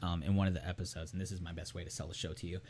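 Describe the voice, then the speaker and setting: A man's voice: sits low, level tone, racing, darkish tone, a little hiss or hum. A young man on a podcast, casually recapping a TV episode in a rambling way and acting out the characters' lines as he goes. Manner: rambling storyteller who acts out characters' lines. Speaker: podcast co-host.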